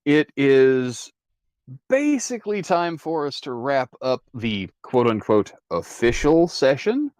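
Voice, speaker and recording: A man running a tabletop game as game master, animated and laughing often. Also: mid-range voice, takes it slowly, no echo.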